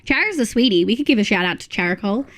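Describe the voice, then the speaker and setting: Speaking rapid-fire with lively intonation and a medium pitch, a young Australian woman talks casually to her livestream audience. Reading chat aloud, she gushes over viewers' photos and slips in muttered asides between her exclamations.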